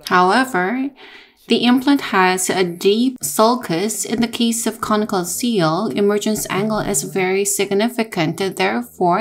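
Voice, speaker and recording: Measured woman narrating a dental lesson. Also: medium pitch. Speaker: dental lecturer. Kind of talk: scripted technical narration.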